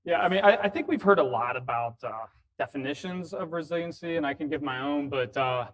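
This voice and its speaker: A man on a conference panel telling a personal story in a lively, chatty way. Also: on the high side, brisk.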